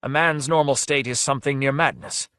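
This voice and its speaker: A man's voice: mid-range voice, fairly even intonation, brisk, sharp tone, clean tone, no echo, voice pushed up, lightly acted. Man voicing a haggard male sorcerer, grave, explanatory, storybook reading.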